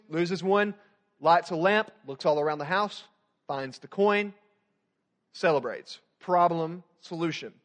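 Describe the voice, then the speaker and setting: A young man preaching a sermon as student pastor, animated, swinging from loud emphatic points to quiet soft passages. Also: fairly high pitch.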